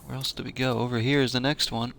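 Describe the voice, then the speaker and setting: A man's voice: mid-range voice, flat delivery, fast, gravelly, fairly bright tone. A man in a casual let's-play chats with his viewers while he plays, joking and laughing often. His voice sits in an ordinary middle register. Faint noise runs behind him. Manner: chatty, joking, laughs often, talks to chat. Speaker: gaming channel host.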